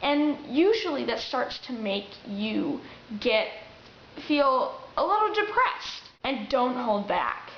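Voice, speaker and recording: A woman's voice: high voice, sing-song, slow pace, slight background noise. Young woman with chatty acting tips. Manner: chatty, with restarts and acted-out quotes. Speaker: vlogger giving acting tips. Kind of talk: casual advice to camera. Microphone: camera mic. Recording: roomy, dull lo-fi camera audio.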